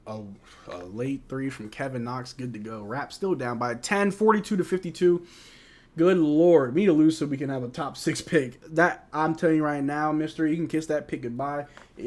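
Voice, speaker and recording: A young man from the States hosts a live watch-along. His voice sits a little higher than most men's. He talks in loose, slangy banter, calling plays, answering chat and groaning as a fed-up fan. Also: moderate pace, darkish tone. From United States. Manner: casual slangy banter, frustrated fan reactions.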